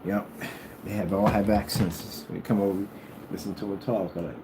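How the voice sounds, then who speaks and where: A man from the United States talking casually to his vlog audience, rambling and repeating himself, sometimes drawing words out slowly. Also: sits low, steady tone, background noise. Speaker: vlogger.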